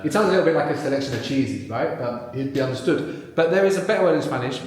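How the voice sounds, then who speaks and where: This language teacher talks quickly and animatedly in a medium-pitched, darkish voice, patiently posing questions to learners and taking them step by step. He is teaching a live workshop at a large venue with an audience, and the hall is very echoey.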